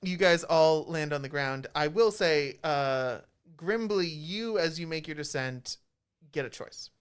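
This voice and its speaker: A man narrating as dungeon master in a relaxed, chatty way with many fillers. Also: a little high, a little slow, clear, resonant tone. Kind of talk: narrating a tabletop game. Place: college radio studio.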